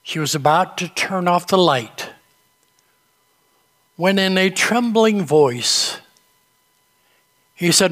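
A man preaching a sermon in a church, telling gentle humorous stories in an unhurried way. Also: high-pitched, lively intonation, long reverb tail. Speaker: pastor. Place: church sanctuary.

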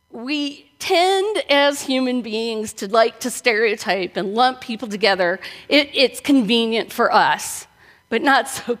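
A woman pastor from the northern United States, giving a conversational sermon full of rhetorical questions. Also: fairly high pitch. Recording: long reverb of a large room.

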